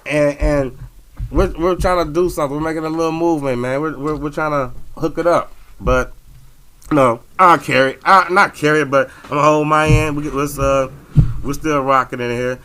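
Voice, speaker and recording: A man's voice: fairly high pitch, fairly even intonation, moderate pace, bright, forceful tone, slight background noise. A man hosting a casual talk radio show, rambling and joking with lots of fillers and restarts.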